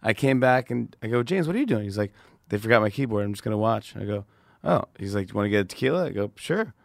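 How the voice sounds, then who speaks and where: A man talking as a podcast guest, telling stories with excitement and acting out the dialogue. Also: lowish voice, fast talker, creaky, dry recording, clean studio sound. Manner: excited storytelling, acts out dialogue. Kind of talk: casual chat.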